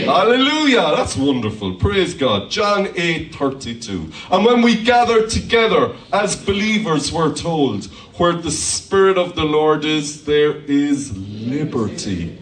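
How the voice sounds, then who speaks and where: A man preaching a lively sermon as pastor in a church hall, calling out hallelujahs. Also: a little high, a little slow, few pauses. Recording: echoey church hall from far off.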